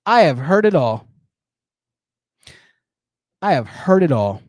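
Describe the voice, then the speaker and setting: A man's voice: on the high side, very animated, slow, a little mellow, no echo, studio quality. A man hosting a live-streamed call-in show, combative and sarcastic, often repeating phrases for emphasis. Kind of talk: live stream commentary with callers.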